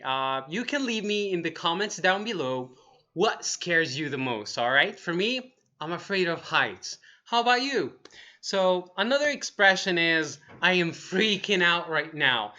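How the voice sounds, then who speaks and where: A man teaching an online English lesson in an energetic, upbeat way, saying example phrases slowly. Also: on the high side, highs cut off.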